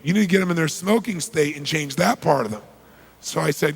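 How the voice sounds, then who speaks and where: Gravelly man telling a seminar story. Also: fairly high pitch, fairly quick. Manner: animated storytelling, addresses the audience directly. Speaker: motivational seminar speaker.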